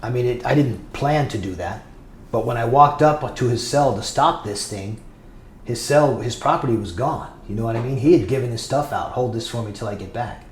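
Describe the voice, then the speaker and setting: A man's voice: mid-range voice, moderate pace. Blunt, profane man in an echoey room. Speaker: former prisoner telling his story. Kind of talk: casual podcast storytelling. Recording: echoey room with faint noise.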